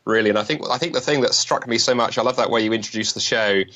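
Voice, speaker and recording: A man from London with a British accent, talking as a guest on an interview show, quick and jokey with many restarts. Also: medium pitch. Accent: British English. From London, England. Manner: fast, lively, joking, many restarts. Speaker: guest speaker. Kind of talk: podcast interview.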